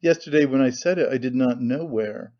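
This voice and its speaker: In a slightly muffled recording, a man speaks with a mid-range voice, a little fast and lightly acted. He's portraying a bitter, tormented young man whose weary, brooding speech breaks into despair.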